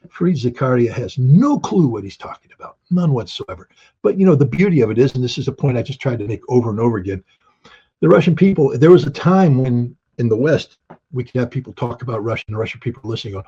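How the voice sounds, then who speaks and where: A man's voice: mid-range voice, expressive, fast talker, mellow, breathy edge, lo-fi sound. A man speaking as an interview guest, blunt and emphatic, firing off rhetorical questions and answering them himself. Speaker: guest commentator. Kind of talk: opinionated interview talk.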